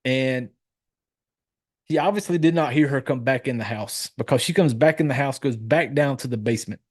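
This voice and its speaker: Male podcast host, mid-pitched voice, casual and profane, rambles through a plot recap. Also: normal speed. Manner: loose, profane, rambling with fillers and self-corrections.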